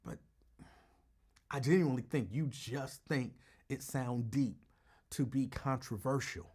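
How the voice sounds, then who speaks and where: A man's voice: medium pitch, measured pace, darkish tone, husky. A man hosting a call-in talk show, giving casual commentary in an emphatic, argumentative way and repeating his points for effect.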